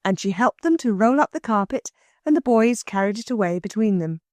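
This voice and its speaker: A woman narrating an audiobook in an expressive storytelling manner. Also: medium pitch, fairly quick, no echo. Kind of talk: scripted narration.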